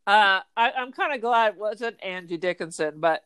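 A woman's voice: medium pitch, animated, normal speed, fairly bright tone, clean tone. A woman co-hosting a podcast, talking about a film in a wry, sarcastic way. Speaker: podcast co-host. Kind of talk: casual film discussion chat.

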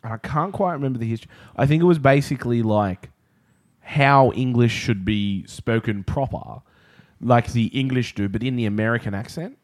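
A man in loose, rambling podcast banter who laughs a lot and drifts from one tangent to the next. His voice sits at an ordinary middle pitch and sounds close and dry, with no room around it. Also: normal speed, no room sound. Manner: laughs often, rambling and playful. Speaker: podcast co-host. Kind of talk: casual chat.

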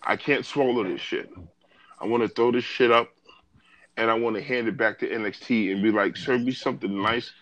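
Heated, swearing man with a low voice. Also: fairly even intonation, moderate pace, a bit bright, no echo, rough recording. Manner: heated, ranting, swears a lot. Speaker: podcast co-host. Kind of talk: casual chat, profane rant.

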